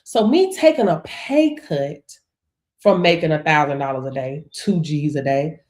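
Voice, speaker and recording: A middle-aged woman giving a motivational talk on a live stream, animated and preachy, laughing often and calling out "right?" and "hello?". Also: deep voice, unhurried. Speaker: online business coach.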